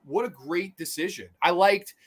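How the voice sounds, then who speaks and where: A man's voice: high voice, normal speed. A man hosting a casual podcast about films, talking animatedly, swearing often and acting out scenes. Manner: animated, swearing, acts out quotes. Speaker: podcast host. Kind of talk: casual film discussion.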